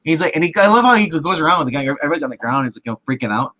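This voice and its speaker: A man's voice: on the high side, lively intonation, racing, sharp tone, poor audio. A man casually retelling a film scene with many restarts and acted-out quotes, as a movie show co-host. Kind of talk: casual movie recap chat.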